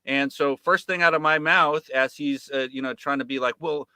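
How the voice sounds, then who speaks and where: A man's voice: mid-range voice, steady tone, normal speed, sharp tone, clean tone, dry recording. A man, a filmmaker guest, telling a story in casual talk, profane and sarcastic, with lots of fillers and restarts.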